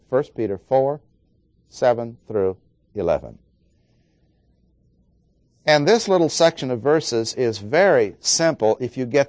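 A man preaching an expository sermon, working through verses and stressing key words with slow, dramatic pauses. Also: mid-range voice, big pitch swings, a little mellow, no echo.

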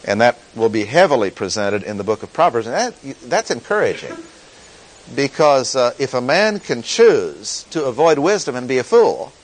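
A man teaching through a Bible passage in a sermon, deliberate and emphatic, repeating key phrases. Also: medium pitch, sing-song, poor audio. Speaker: pastor teaching.

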